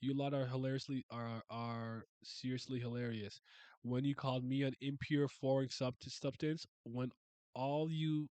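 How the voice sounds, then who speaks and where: A man's voice: a little mellow, no echo, natural voice. Man reading as a scornful gloating villain. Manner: mocking, low and subdued. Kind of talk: reading comic dialogue aloud.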